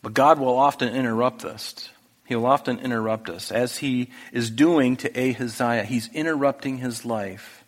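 A man's voice: mid-range voice, moderate pace. A man preaching a sermon as a pastor, earnest and conversational, with restarts and asides. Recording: long hall reverb.

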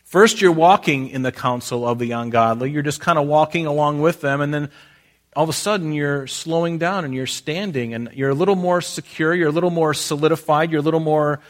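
A man's voice: on the high side, fairly quick. A man preaching a sermon in a conversational way, often restarting his sentences and repeating phrases. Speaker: pastor.

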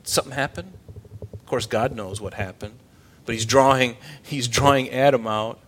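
A man preaching a sermon from the pulpit, his voice sitting at a medium pitch. He talks emphatically and keeps throwing rhetorical questions at his congregation. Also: moderate pace. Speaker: pastor.

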